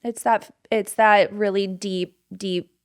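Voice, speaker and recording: A woman co-hosting a podcast who mostly listens, giving short affirmations and gentle follow-up questions. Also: medium pitch, fairly even intonation, slow pace, clear, resonant tone. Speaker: podcast co-host. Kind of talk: casual podcast conversation.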